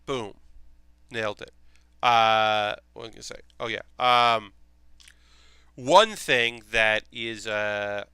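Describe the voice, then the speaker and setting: A man's voice: on the low side, takes it slowly, sharp tone, smooth, no room sound. A young man chatting casually on his live stream while building models, rambling enthusiastically with lots of fillers and casual swearing.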